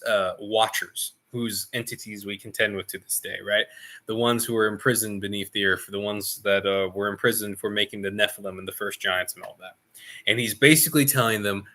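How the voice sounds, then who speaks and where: A man teaching a casual streamed Bible lesson in an animated, irreverent way, laughing often. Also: medium pitch. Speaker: Sunday school teacher.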